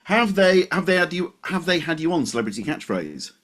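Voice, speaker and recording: A man's voice: a little high, a little fast. A male podcast host who chats casually, swears freely and restarts his sentences a lot. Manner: animated, swearing, stumbling restarts.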